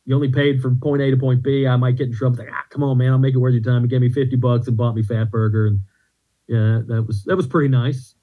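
A man's voice: medium pitch, flat delivery, fast talker, narrow, tinny audio. A man, a comedian on a podcast, telling rambling stories in a casual chat with restarts. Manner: rambling anecdotes with restarts and laughs.

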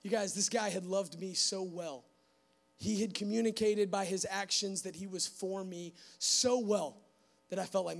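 A young man giving a church testimony to a live audience, animated and full of fillers, acting out bits of dialogue. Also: high-pitched, normal speed, creaky. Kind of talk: sermon testimony storytelling.

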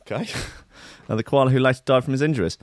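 A man's voice: medium pitch, fast, no echo, clean studio sound. A man on a live stream, chatting casually and reading news aloud in a sweary, jokey, rambling way.

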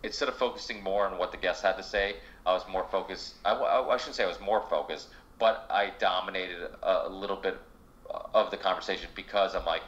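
A man's voice: sits low, steady tone, brisk, a bit bright, highs cut off. A man hosting a podcast, talking casually in long rambling stretches, with frequent restarts and swearing. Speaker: podcast host. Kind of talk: casual interview chat.

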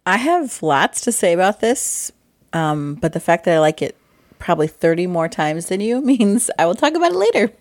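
A woman co-hosting a casual board game podcast, chatty and quick to laugh. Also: on the low side, very animated. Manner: chatty, laughs easily, acts out voices in asides. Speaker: podcast co-host.

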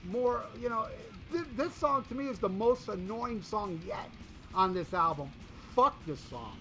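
High, bright-voiced man ranting profanely. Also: expressive, a little slow, faint music behind. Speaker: podcast co-host reviewing an album. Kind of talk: casual chat.

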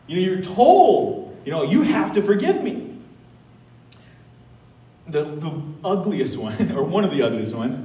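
Lively high-voiced pastor in an echoey church. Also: male voice, measured pace, long pauses, distant mic. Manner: conversational, animated preaching with asides and laughs. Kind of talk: sermon. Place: church sanctuary.

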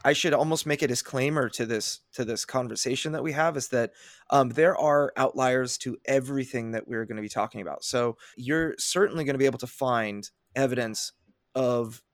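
Chatty male podcast host with a gravelly voice. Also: mid-range voice, moderate pace, dry recording. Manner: energetic and chatty, with frequent restarts. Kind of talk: casual podcast discussion.

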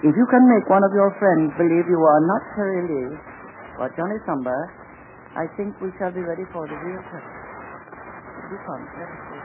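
An actor playing a formal, measured general in a 1940s radio serial. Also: male voice, sits high, lightly acted. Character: calm, formal older male general. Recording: scratchy 1940s radio broadcast, narrow band, loud hiss.

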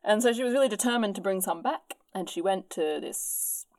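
A woman's voice: brisk, no echo. A woman casually telling a history story on a podcast, acting out quotes with big jumps in her voice. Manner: animated, acts out quotes with big pitch jumps.

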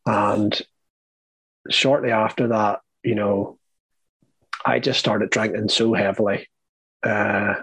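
A young Irish man with a low, husky voice tells his own story in an interview. He speaks earnestly and haltingly, restarting his sentences often. The sound is dry and close to the mic. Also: little pitch movement, a bit bright, no echo, low-quality recording. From Ireland. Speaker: guest.

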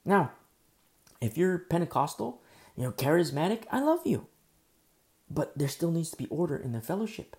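A man's voice: a little high, big pitch swings, normal speed, long pauses, a little mellow. A man preaching a sermon as pastor, building through emphatic rhetorical questions.

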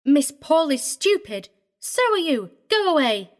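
A man's voice: very high-pitched, very animated, measured pace, voice pushed up, exaggerated voice. A man voicing a sly, sinister eight-year-old girl who lisps and giggles. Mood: sulky. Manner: lisping, giggly, taunting. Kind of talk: audiobook reading.

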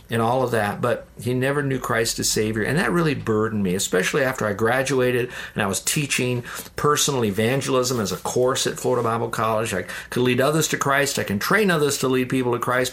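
A man's voice: medium pitch, a bit bright. Earnest male storyteller, mid-range voice, ministry leader being interviewed. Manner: earnest, addresses listeners as "dear ones". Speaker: ministry leader telling his testimony.

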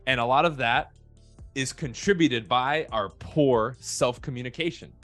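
A man talking bluntly and profanely in a casual podcast chat, telling stories with animated quoted voices. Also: mid-range voice, unhurried, soft background music.

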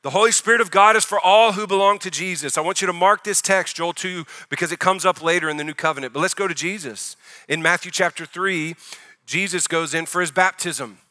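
Animated man preaching with a bright voice. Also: high voice, fairly quick. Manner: animated preaching, acts out quoted voices, talks to the congregation. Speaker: pastor. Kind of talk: sermon.

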